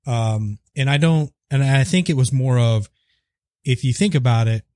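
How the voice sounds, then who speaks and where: A man's voice: mid-range voice, moderate pace, darkish tone, no room sound, clean studio sound. A man chatting casually about a film, speaking thoughtfully with frequent hesitations and restarts. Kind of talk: casual chat.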